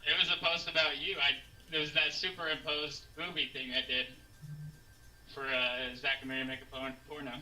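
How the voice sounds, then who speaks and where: Very bright-voiced man, distant, faint music. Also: fairly high pitch, flat delivery, normal speed. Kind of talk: casual group chat on a livestream.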